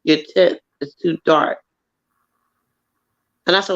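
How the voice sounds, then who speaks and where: A woman telling a long story in casual chat, animated and swearing freely. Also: lowish voice, takes it slowly. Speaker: co-host. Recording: dull lo-fi audio.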